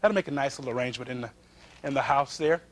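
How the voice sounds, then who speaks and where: A man's voice: medium pitch, quick pace, slight background noise. A middle-aged man, hosting a cooking show in a folksy, enthusiastic way and talking straight to viewers. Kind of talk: upbeat cooking show presenting.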